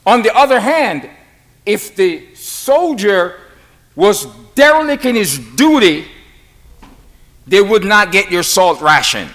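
A man preaching a sermon in a fairly high, very animated voice. He takes his time, leaning on single words and letting pauses hang between short phrases. The delivery is emphatic and deliberate.

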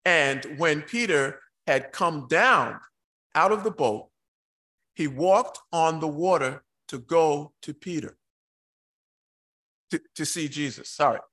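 A man preaching a sermon, reading scripture slowly and emphatically with dramatic pauses, breaking into excitable asides. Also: a little high.

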